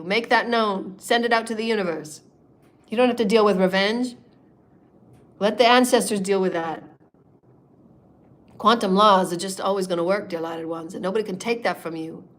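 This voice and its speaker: A woman leading a spiritual meditation in a sermon style, impassioned and repetitive, moving between soft murmurs and loud declarations. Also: mid-range voice. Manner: repetitive, chant-like phrasing. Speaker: spiritual channeler.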